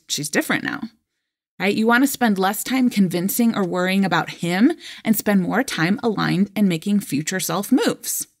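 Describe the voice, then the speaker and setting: A woman in her thirties hosting a solo coaching podcast, talking casually and animated, acting out quoted voices with frequent laughs. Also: medium pitch. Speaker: life coach and podcast host.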